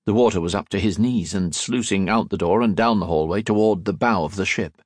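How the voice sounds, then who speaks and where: This is scripted audiobook narration by a man with a low, husky voice who tells the story steadily and with measured control. No room sound can be heard.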